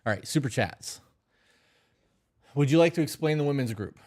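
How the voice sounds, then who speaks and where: A man's voice: a little high, animated, moderate pace, darkish tone. A man co-hosting a podcast live stream, chatting casually with dry, blunt, teasing humor. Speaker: podcast co-host.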